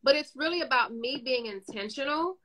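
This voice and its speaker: A woman with a bright, forceful voice pitched a little high talks in a relaxed, chatty way. She tells lively stories, acts out little bits of dialogue, and gives encouraging advice as a guest speaker. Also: a little fast, poor audio. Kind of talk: casual motivational chat.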